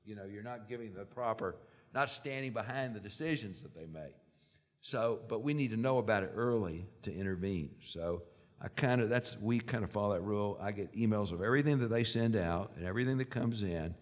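A man on a lawyers' panel explaining in a measured way how he supervises his associates. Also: fairly low pitch. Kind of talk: panel talk. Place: conference hall. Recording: long reverb in a conference hall.

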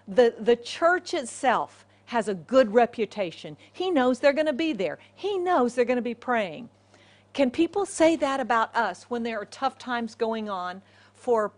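Woman pastor, mid-high voice, lively sermon delivery that questions the congregation and acts out the story. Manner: animated, acts out voices of characters.

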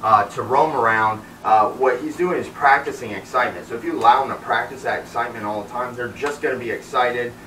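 A man training a dog outdoors talks through what he is doing, breaking off to give sharp commands. His voice is bright and forceful. He stands back from the microphone, so the sound is roomy. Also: mid-range voice, fairly quick, few pauses, far from the mic, a little hiss or hum. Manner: commands the dog mid-sentence, many fillers. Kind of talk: explaining while training a dog.

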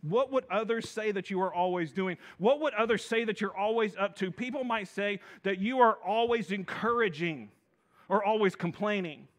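A male minister delivers a sermon in a church sanctuary. His voice sits high for a man, and he preaches with eager energy, calling out to the congregation for responses. He often repeats himself and restarts his phrases as he goes. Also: normal speed.

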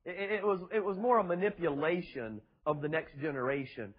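A man's voice: a little high, fairly quick, husky, highs cut off. A man preaching a fiery sermon to a congregation, emphatic and full of rhetorical questions and mocking asides. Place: church before a congregation.

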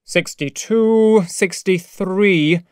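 A man voicing a stern, commanding male scientist who rules over beast-people, speaking slowly and loudly. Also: on the high side, clean tone, no room sound, clean studio sound, natural voice. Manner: loud, slow, imperious commands.

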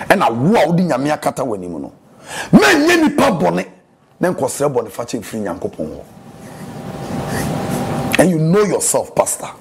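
A Ghanaian man preaches with fervour, his voice gravelly and pitched a little high for a man. His intonation swings widely as he moves between English and Twi, and faint background noise sits under him. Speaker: pastor. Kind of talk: sermon.

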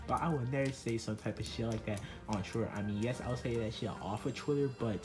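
A man voicing a whiny, defensive boy puppet in a crude comedy skit, yelling his denials. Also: medium pitch, a little fast, music in the background, lightly acted. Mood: indignant.

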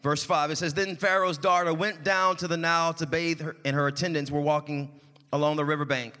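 Speaking a little fast, this pastor has a higher voice that is pushed and bright, with fairly even intonation. He builds intensity through his sermon, calling for the congregation's responses, and a long reverb fills the church.

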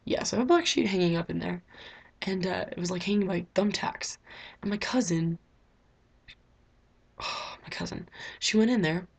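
A woman's voice: lowish voice, expressive, brisk, gravelly, slightly rough. A teenage girl vlogging from her bedroom, rambling casually with lots of fillers. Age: teens. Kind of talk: casual diary vlog.

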